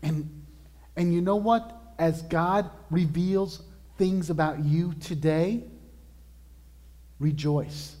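Man, pastor, earnest sermon, emphatic, high voice, long hall reverb. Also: fairly even intonation, warm tone. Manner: earnest, emphatic preaching with slow drawn-out lists.

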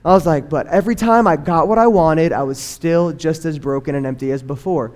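A young man giving an earnest personal faith testimony, telling his story and acting out what people said in lively bursts. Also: fairly high pitch, brisk. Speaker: testimony speaker.

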